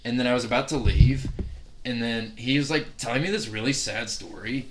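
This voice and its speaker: A man's voice: medium pitch, a little fast. A man, a comedian, telling stories in casual podcast chat, rambling with many fillers and frequent laughs. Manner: rambling, full of "like", often laughing.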